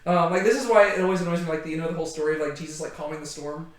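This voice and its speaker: A man leads a relaxed Bible study with a group, chatty and animated. He acts out the quotes he tells and keeps asking questions. His voice is fairly high and echoes around the room. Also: rapid-fire. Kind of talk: casual group Bible teaching.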